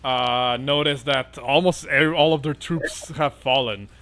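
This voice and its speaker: A man running a tabletop game, talking in a casual, unpolished way with plenty of fillers and swearing. His voice is bright and clear, and soft music plays in the background. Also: medium pitch, fairly even intonation, measured pace. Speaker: dungeon master.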